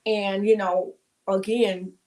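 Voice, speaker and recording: A woman's voice: mid-range voice, little pitch movement, takes it slowly, a little mellow. A middle-aged woman hosting an emotional panel talk, speaking in an earnest, heartfelt, rambling way over a video call. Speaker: talk show host.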